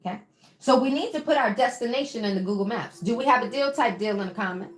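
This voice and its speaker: On a livestream, a motivational coach gives an encouraging, preaching talk, calling listeners "baby" and asking them to answer back. Her voice is a little high, quick and lively in intonation. The sound is roomy and echoing, with faint music.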